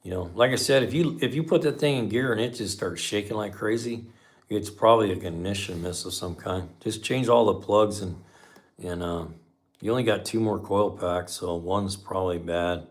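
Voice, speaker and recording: A middle-aged man with a lowish voice talks at normal speed while hosting a mechanic's live stream. He chats easily with viewers, tells folksy stories from the shop, and says "man" a lot.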